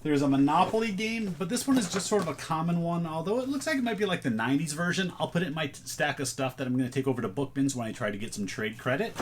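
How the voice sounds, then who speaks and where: A man's voice: a little high, lively intonation, quick pace, few pauses, slight background noise. A man casually chatting through a thrift haul, thinking aloud as he sorts items. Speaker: reseller showing a thrift haul. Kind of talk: casual vlog chat.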